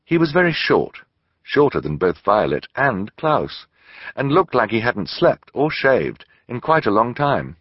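Husky theatrical male storyteller. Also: medium pitch, very animated, unhurried, no echo, muffled recording. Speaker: audiobook narrator. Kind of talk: scripted narration.

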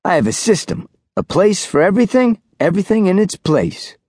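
A man putting on an orderly young physics student who frets over his system, in a kids' storybook reading. The voice is raised high and leaps around, close and dry. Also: sing-song, moderate pace, darkish tone, slightly rough, no room sound, full character voice. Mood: fussy. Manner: fussy, easily alarmed. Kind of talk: audiobook character voice.

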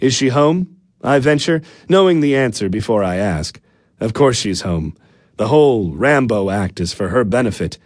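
A man narrates a comic first-person audiobook, wry and sardonic. His pitch rises and falls with lively animation. The studio sound is close and dry, with no room tone. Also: moderate pace, no echo.

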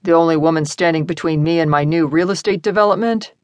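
A self-assured male tycoon, calm and confident, speaking in a lowish, even voice, as a woman narrator reads him. Heard in an audiobook romance recorded in a dry studio booth. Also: quick pace, no room sound, natural voice. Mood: cool.

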